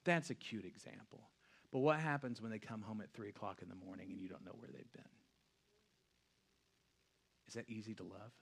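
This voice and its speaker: A man in his thirties, a pastor giving a casual, conversational sermon that swings from hushed reflection to loud storytelling. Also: fairly low pitch, fairly quick, creaky, long pauses, husky.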